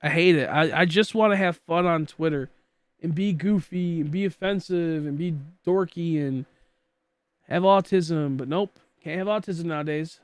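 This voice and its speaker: A young man from Michigan talks to his stream in a loose, rambling way, goofy and stuffed with filler words. His voice sits a bit high. The sound is dry and close. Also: normal speed, smooth, no room sound. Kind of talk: casual chat while gaming.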